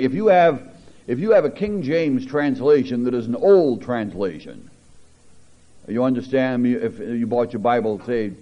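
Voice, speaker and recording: A man preaching a sermon, reading scripture aloud with teacherly asides and building to emphatic, animated peaks. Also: mid-range voice. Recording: dull lo-fi recording.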